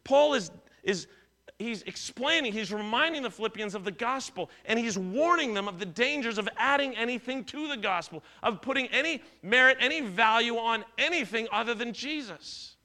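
A middle-aged man gives a sermon in a high, bright voice. He talks in an easy, conversational way, weaves in stories from his own life, and often stumbles and repeats words as he goes. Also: animated, normal speed. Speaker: pastor.

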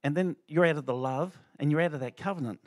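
A man's voice: fairly high pitch, fast, no echo. A middle-aged man giving an informal church testimony, talking loosely with many fillers and restarts. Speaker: lay speaker sharing a testimony.

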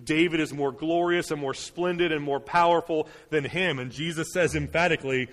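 A man's voice: on the high side, steady tone, fairly quick, few pauses, a bit bright, big-room sound. A male pastor preaching a sermon in a loose, conversational way, full of fillers and restarts, building to emphatic delivery.

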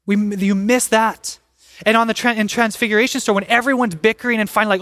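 A pastor in his younger years delivers an animated sermon in a notably high voice. He acts out the complaints and pleas of the people he describes. The sound is close and dry, with no room around it. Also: fast talker, dry recording.

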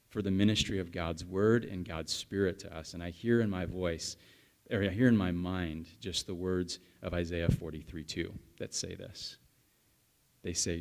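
A man in his thirties, a pastor, giving a conversational sermon and telling a story while chatting with the congregation. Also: sits low.

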